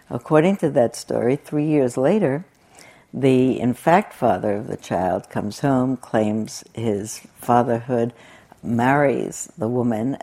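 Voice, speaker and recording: An older woman, a meditation teacher, gives a dharma talk that is conversational and reflective, sprinkled with laughing asides. Her bass voice is mellow and slightly rough.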